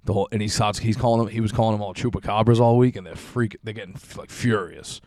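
A man's voice: on the low side, fairly even intonation, quick pace, a little mellow, no echo, clean studio sound. A young man telling a long story in casual chat, rambling and profane with lots of fillers.

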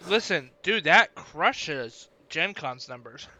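A man's voice: fairly high pitch, expressive, slow, bright, forceful tone. A man co-hosting a casual podcast, rambling chattily with lots of fillers. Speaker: podcast co-host.

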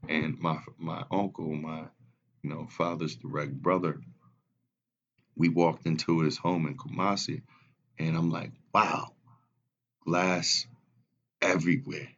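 Young man, unhurried and low, animated storyteller who laughs easily. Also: creaky, dull audio. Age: 20s. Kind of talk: casual podcast chat.

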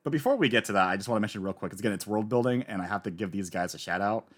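Male podcast co-host, casual discussion, excitable delivery with sudden loud bursts. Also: fairly low pitch, very fast. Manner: animated, excitable, swings from quiet to loud.

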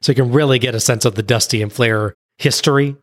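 A man on a podcast recapping a wrestling match blow by blow in a brisk play-by-play recounting. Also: mid-range voice, fairly even intonation, no echo, clean studio sound. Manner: brisk play-by-play recounting, laughs at own jokes. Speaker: podcast co-host.

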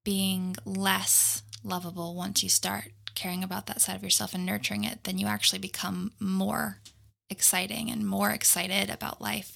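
A woman with a mid-pitched, flat voice and a heavily gravelly fry. She co-hosts a podcast and chimes in with supportive, enthusiastic comments. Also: normal speed. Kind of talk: casual interview chat.

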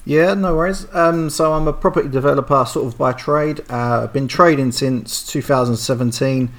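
Casting: English man with a British accent, mid-pitched, laid-back self-deprecating podcast guest. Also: normal speed. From England. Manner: relaxed, self-deprecating, storytelling. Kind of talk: casual interview chat.

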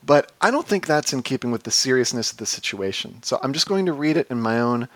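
Man, Midwestern accent, deadpan, mock-serious podcast host, mid pitch, dry close recording. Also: fast talker, no echo. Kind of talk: comedic podcast monologue.

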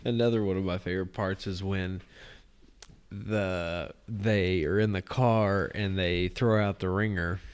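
A man's voice: low voice, steady tone, a little slow, smooth. A man co-hosting a podcast in casual chat, giving short agreeing replies and swearing casually. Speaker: podcast co-host.

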